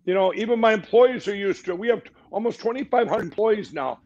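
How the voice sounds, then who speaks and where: A man's voice: high-pitched, expressive, fast talker, a little mellow. A middle-aged man speaking as a guest on a talk show, rambling and emphatic, with frequent restarts. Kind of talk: fast rambling interview talk. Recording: dull lo-fi audio.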